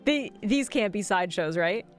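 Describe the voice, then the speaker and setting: A woman's voice: lowish voice, moderate pace. Giggly woman streamer, faint music. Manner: playful and giggly, jokey asides. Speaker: game streamer. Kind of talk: let's play commentary.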